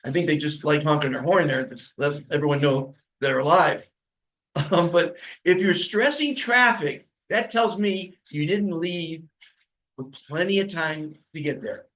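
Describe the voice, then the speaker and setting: A man's voice: fairly high pitch, a little slow, a bit bright, low-quality recording. A man from Los Angeles hosting a podcast, giving a rambling, emphatic motivational monologue with chuckling asides. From Los Angeles, USA. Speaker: podcast host.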